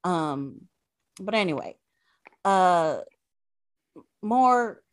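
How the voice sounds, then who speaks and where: Woman podcast host, chatty recap, lively pitch, uh and um fillers. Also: drawn-out words. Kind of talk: casual recap chat.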